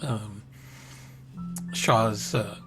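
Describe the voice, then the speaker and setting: A man playing in a tabletop game, speaking haltingly with many fillers. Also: lowish voice, fairly even intonation. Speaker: player. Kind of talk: tabletop role-play, in and out of character. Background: faint background music.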